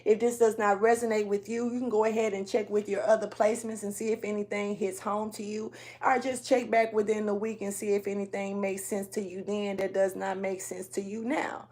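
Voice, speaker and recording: A woman's voice: medium pitch, level tone, a little fast, few pauses, darkish tone. A woman doing a casual tarot reading for her channel, loose and slangy, rambling and sometimes half-rapping as she walks around indoors. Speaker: tarot reader. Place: indoors, moving around the room.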